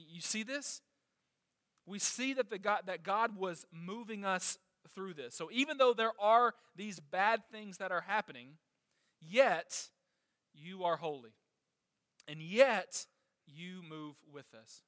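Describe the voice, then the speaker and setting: A man's voice: sits high, bright, forceful tone, no echo, clean studio sound, big-room sound. A man preaching a sermon with passion, reading scripture and putting questions to the congregation. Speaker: pastor.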